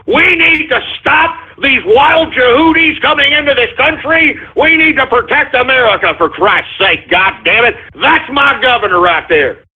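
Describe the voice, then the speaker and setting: A man with a very high, husky voice plays a blustering, foul-mouthed Texan talk radio host in a parody rant. He speaks at normal speed with hardly any pauses, cursing, stumbling over words and showing drunk-sounding bravado. The sound is tinny, like a phone or radio.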